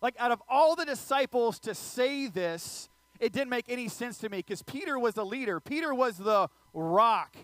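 Male pastor, bright high voice, playful sermon storyteller. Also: normal speed, dry recording. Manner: animated, joking, audience asides.

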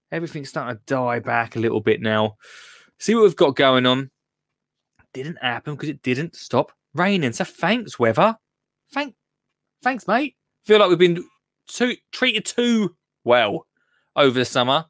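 A man's voice: fairly high pitch, big pitch swings, measured pace, long pauses, a bit bright, no room sound. A British man hosting a live gardening show from his home studio, chatting casually and poking fun at himself. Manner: chatty, self-mocking, restarts a lot. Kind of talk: casual live-stream chat.

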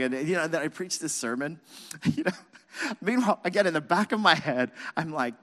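A male pastor preaching, bright and forceful, with his voice a little high for a man. He tells a self-mocking story in an animated way, and the long reverb of a large hall follows his words. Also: a little fast. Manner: animated, self-mocking, acts out his own past shouting. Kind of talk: sermon with personal storytelling.

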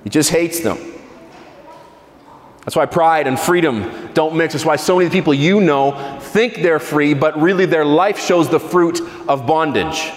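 A man preaching a sermon as pastor, slowing down and dropping low on key words with dramatic pauses. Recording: echoey hall with long reverb.

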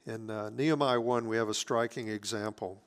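A man preaching a sermon as pastor, earnest, moving between emphatic lines and hushed, near-whispered asides. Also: on the low side, steady tone, normal speed.

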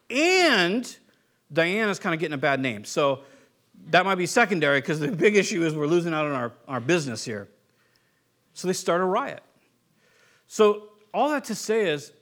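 A man's voice: fairly high pitch, a bit bright. A man from California preaching a sermon in a conversational, joking way, now and then acting out the voices of the people in his stories. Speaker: pastor.

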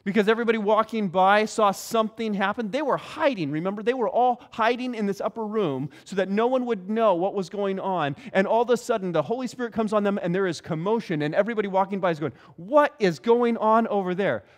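A middle-aged man preaching a sermon, telling stories with animated delivery and acting out the voices of others. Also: sits high, quick pace, hardly any pauses. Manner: animated storytelling, acts out quoted voices. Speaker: pastor.

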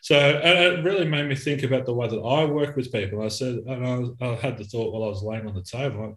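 A man, a therapist, in casual conversation, telling stories in an animated way. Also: mid-range voice, quick pace, few pauses. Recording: roomy echo.

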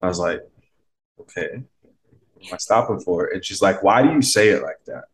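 A mindset coach appears as a podcast guest, telling his story in a loose, wandering, conversational way. His fairly low voice is animated and moderately paced, full of fillers, and he slips into quoted voices.

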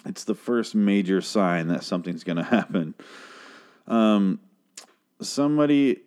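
A man recapping a TV episode in a casual, rambling way, swearing freely, and jumping into high-pitched impressions of the characters. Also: animated, unhurried, darkish tone, smooth. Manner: rambling, profane, restarts a lot; mimics characters in a raised voice.

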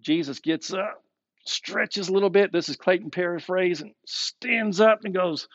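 A male pastor delivers an expressive sermon, often slowing down and sinking into a low voice to stress a point. His voice sits fairly high. The recording is dry and slightly dull. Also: no room sound. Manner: expressive preaching, slows down and drops low for emphasis. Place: streamed sermon with online chat.

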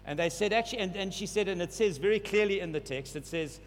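A man's voice: high voice, quick pace, hardly any pauses. A man preaching a sermon, repeating phrases and building to urgent emphasis. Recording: long hall reverb, faint hum.

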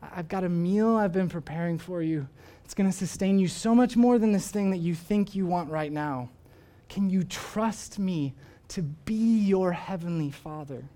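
A man whispering as a gentle loving heavenly father, whispered role-play. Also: sits high, moderate pace, natural voice. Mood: tender. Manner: soft whispered, tender.

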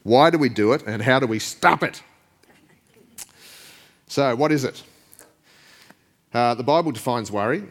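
A man's voice: mid-range voice, unhurried, pauses often. Chuckling, casual male preacher. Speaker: pastor. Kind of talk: sermon.

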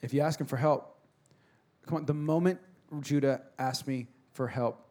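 A man, preaching a sermon and telling stories, shifting between hushed, soft moments and loud exhorting. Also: mid-range voice, normal speed. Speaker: pastor.

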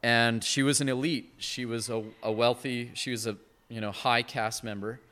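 A man preaching a sermon as pastor, earnest and conversational, swinging from hushed to emphatic. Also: medium pitch, steady tone, moderate pace. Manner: conversational asides with short laughs.

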